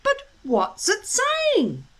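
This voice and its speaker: A woman voicing a nervous young Viking boy asking flustered, hurried questions in a storybook read-aloud. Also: very high voice, wildly swooping pitch, fairly bright tone, voice pushed up, full character voice. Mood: bewildered.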